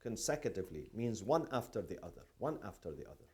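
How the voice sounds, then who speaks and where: A man teaches a classroom lecture. He keeps asking the class questions and repeats each key term several times, and his pitch swings widely. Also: big pitch swings, fast talker, few pauses, mellow.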